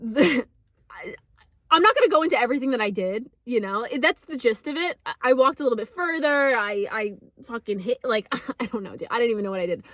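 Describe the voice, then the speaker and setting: A woman's voice: on the high side, expressive, brisk, fairly bright tone, no echo, studio quality. A young woman telling a personal story in a casual, emotional way, with lots of fillers, swearing and nervous laughs. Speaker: vlogger.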